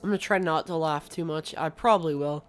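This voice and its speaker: Excitable young man with a cough. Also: a little high, quick pace, clean tone. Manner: excitable, gushing exclamations. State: coughing after an illness. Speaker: gaming YouTuber. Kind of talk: casual gameplay commentary.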